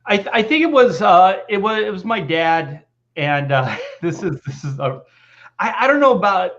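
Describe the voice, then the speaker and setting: A man's voice: sits high, very animated, normal speed, a bit bright, lo-fi sound. A man telling a long personal story on a video call, rambling with many restarts and false starts. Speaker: comic book artist guest. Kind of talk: casual video call chat.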